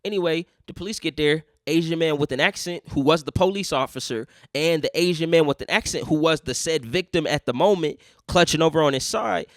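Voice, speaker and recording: Young man, profane casual storytelling, slightly high voice, dry close sound. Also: a little fast, few pauses, dry recording. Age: young adult. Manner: profane, animated, acts out other people in quotes. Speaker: podcast host.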